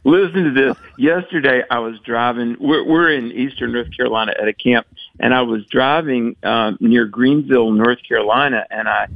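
A man's voice: mid-range voice, moderate pace, gravelly, no echo. Southern male radio guest, chatty raconteur, dry muffled line. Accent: Southern American. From American South. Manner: chatty storyteller, laughs often. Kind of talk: radio phone-in chat.

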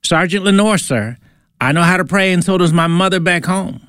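A male storyteller voices a devout young soldier, firm and assured, in a told story. His voice sits a little high and is recorded dry and close. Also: moderate pace, a bit bright, clean tone, no room sound. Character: earnest young male Army Ranger, devout and confident.

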